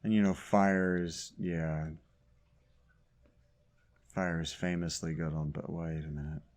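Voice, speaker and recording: A man's voice: deep voice, flat delivery, slow, a little mellow. A man giving sarcastic, grumbling commentary while playing a video game. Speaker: gaming YouTuber. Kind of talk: casual let's play commentary.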